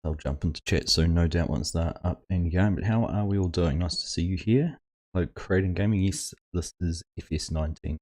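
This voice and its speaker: Deep, mellow-voiced man hosting a stream. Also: a little fast. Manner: chatty, greets viewers by name. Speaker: livestream host. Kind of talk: casual livestream chat while gaming.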